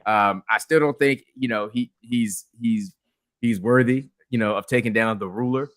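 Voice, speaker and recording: A man's voice: medium pitch, normal speed, fairly bright tone, no echo, clean studio sound. A man co-hosting a podcast, chatting casually about wrestling, rambling with many fillers and restarts. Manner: rambling, lots of fillers and restarts, laughs easily. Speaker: podcast co-host.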